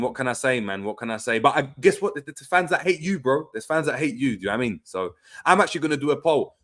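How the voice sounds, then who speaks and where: A man's voice: mid-range voice, a bit bright. A man hosting a livestream in casual chat, reading viewer comments aloud and reacting, repeating phrases with slang. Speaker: livestream host.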